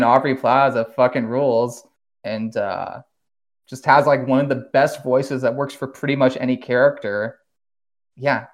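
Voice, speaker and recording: A man hosting a podcast, recapping an animated series in an animated, casual way, swearing now and then and laughing often. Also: mid-range voice. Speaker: podcast host.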